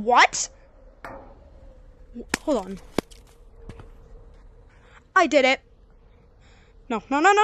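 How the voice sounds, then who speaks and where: A young female gamer giving rambling, excitable commentary over her gameplay and yelling when she fails. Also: high-pitched, a little hiss or hum. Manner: excitable, yells at failures, rambling. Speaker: gaming channel creator.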